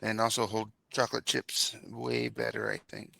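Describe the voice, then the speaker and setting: A man's voice: lowish voice, flat delivery, normal speed, creaky, pushed and bright, no room sound. A man co-hosting a livestream, chatting playfully while painting miniatures. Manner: playful, jokey. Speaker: stream co-host. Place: game store.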